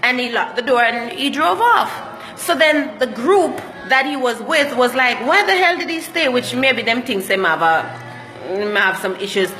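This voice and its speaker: A woman's voice: fairly high pitch, animated, unhurried, bright, forceful tone, in a large hall. A Jamaican woman telling travel stories in a casual vlog, slipping into patois as she talks. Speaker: travel vlogger.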